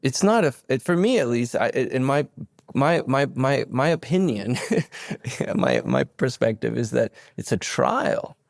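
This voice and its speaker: A Venezuelan man in his forties, a guest on a podcast, tells a reflective story in an unhurried, rambling way, with vocal fry, restarts and stammered repeats. He slips into animated quoted voices with sudden leaps to high pitch, and the studio sound is clean with no echo.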